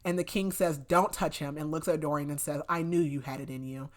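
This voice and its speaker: A woman's voice: deep voice, fairly even intonation, brisk. A young adult woman hosting a podcast, casually retelling a book's plot with lots of "like" fillers and loose quoted lines. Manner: chatty, many "like" fillers, acts out quotes loosely. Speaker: podcast host. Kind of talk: casual book recap.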